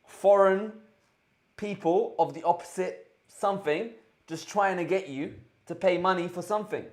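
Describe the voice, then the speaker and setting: A woman co-hosting a casual live-stream chat, teasing her co-host with deadpan jokes. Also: lowish voice, normal speed. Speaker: tech show co-host.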